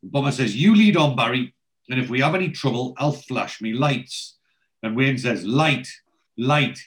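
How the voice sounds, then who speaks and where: A man's voice: mid-range voice, normal speed, fairly bright tone, rough recording. A man hosting a casual chat, retelling TV scenes and quoting the characters' lines in a storytelling way. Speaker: podcast host.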